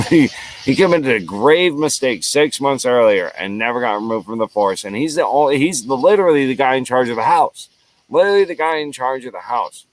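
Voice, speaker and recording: A man hosting his own show, delivering an angry, profane solo rant full of repeated lines. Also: mid-range voice. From United States. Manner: profane, heated, repetitive. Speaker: show host.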